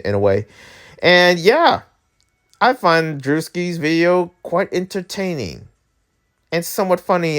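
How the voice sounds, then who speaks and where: A man chats through the news on his own channel with a pitch that swings up and down. He rambles and restarts his sentences. He stays blunt and unfiltered about his opinions. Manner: rambling and candid, with frequent restarts and laughs. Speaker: YouTube channel host. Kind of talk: casual news commentary.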